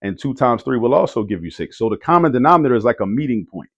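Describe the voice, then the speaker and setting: A man's voice: mid-range voice, very animated, quick pace. A man giving a casual math lesson who repeats key words for emphasis and keeps checking in with "right?". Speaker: math teacher. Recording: dull lo-fi audio.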